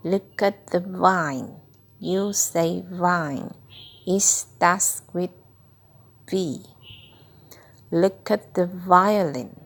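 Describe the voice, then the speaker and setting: A woman slowly reading out a children's phonics book word by word, tutoring a child. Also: lowish voice, vocal fry. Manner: slow, deliberate word-by-word reading. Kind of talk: slow phonics read-aloud for a child.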